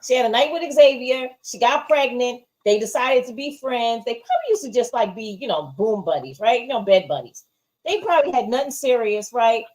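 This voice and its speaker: A woman's voice: fairly high pitch, big pitch swings, a little fast, a little mellow, poor audio. Opinionated woman in a casual review chat. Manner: opinionated, emphatic, rhetorical "right?". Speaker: show co-host.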